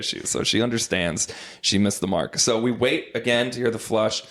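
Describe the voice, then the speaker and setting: A man's voice: lowish voice, fairly quick. Guy hosting a podcast, telling a funny audition story, does little voices for people. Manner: animated storyteller, acts out voices in anecdotes. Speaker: podcast host. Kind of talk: casual chat, storytelling.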